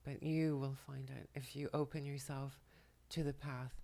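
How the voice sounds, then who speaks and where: Woman close to tears, low flat voice with a bit of fry, soft and halting, slips into whispers. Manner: halting and soft-spoken, often dropping to a whisper. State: tearful. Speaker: spiritual channeler and makeup vlogger. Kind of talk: emotional channeling talk to camera. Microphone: camera mic, speaking to the camera.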